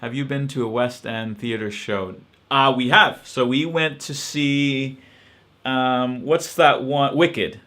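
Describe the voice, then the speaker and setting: A man's voice: medium pitch, fairly even intonation, takes it slowly, fairly bright tone. A man hosting a casual live-stream Q&A, answering questions in a hesitant, reflective way with many ums and restarts.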